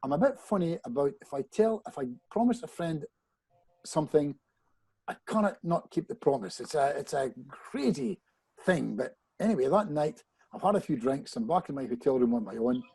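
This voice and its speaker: A man with a somewhat high, breathy voice speaks at a normal pace in poor, echo-free audio. He's a hypnotist appearing as a podcast guest, animatedly telling a personal anecdote to the host, often restarting phrases as he talks directly to him.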